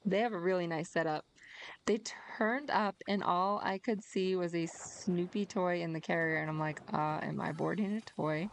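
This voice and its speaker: A woman's voice: on the low side, measured pace, a little hiss or hum. A young woman streamer chatting casually and giggly with her viewers, reading and answering their comments. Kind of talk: casual chat.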